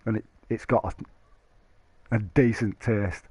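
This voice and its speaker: A man's voice: on the low side, fairly even intonation, a little slow, darkish tone, slightly rough, no echo. A man chatting casually to stream viewers, rambling and joking, laughing often. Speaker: live streamer.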